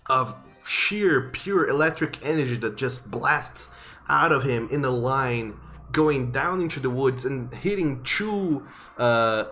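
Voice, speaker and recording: A young man runs a tabletop game, painting gory scenes in a mid-pitched voice. He halts and restarts often with little fillers, while soft music plays underneath. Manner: vivid, halting descriptions with many fillers. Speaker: game master.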